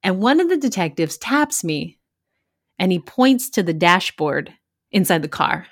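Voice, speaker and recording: A woman's voice: on the low side, big pitch swings, unhurried, dry recording, studio quality. A woman who works crime scenes, casually telling a gross work story with candid laughs.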